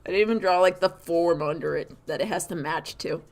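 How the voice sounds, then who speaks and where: A woman chatting casually while she draws on a live stream, rambling and animated, laughing often and filling her talk with "like". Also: lowish voice, a little fast, soft background music. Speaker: artist streamer.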